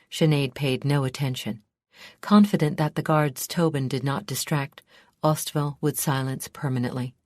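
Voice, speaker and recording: Low-voiced woman narrating steadily. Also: a little mellow, dry recording, studio quality. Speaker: audiobook narrator. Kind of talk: scripted narration.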